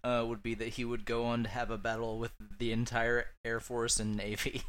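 Bright-voiced man rambling in casual chat. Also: mid-range voice, little pitch movement, normal speed. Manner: rambling, restarts often, laughs a lot. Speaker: podcast co-host.

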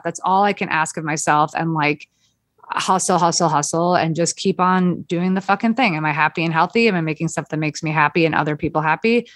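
Woman comic in her 30s, lowish voice, dry close sound, rambles and swears a lot. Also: fairly quick, dry recording. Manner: rambling, self-deprecating, swears freely. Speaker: comedian, guest. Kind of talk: casual chat.

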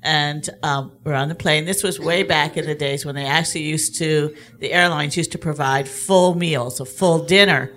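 A woman tells a personal story to an audience and acts out what people said. Her voice is very low for a woman. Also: fairly even intonation, moderate pace, hardly any pauses, fairly bright tone.

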